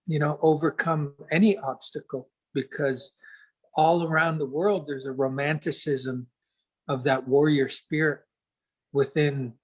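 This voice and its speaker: A man as an interview guest, telling a reflective story in an earnest, unhurried way and pausing to search for words. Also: fairly high pitch, poor audio.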